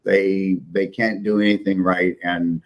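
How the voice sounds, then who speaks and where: A man's voice: low-pitched, little pitch movement, a little slow, highs cut off. A man from the Midwest, a business owner being interviewed, telling stories in an emphatic, joking, candid way. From Midwest United States. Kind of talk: casual interview storytelling.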